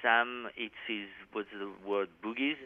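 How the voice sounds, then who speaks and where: A man's voice: medium pitch, steady tone, a little slow. A man in his thirties with a French accent, chatting casually as an interview guest, rambling with lots of fillers and restarts. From France. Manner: rambling, many fillers and restarts, laughs easily. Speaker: touring metal musician, interview guest. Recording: tinny phone line.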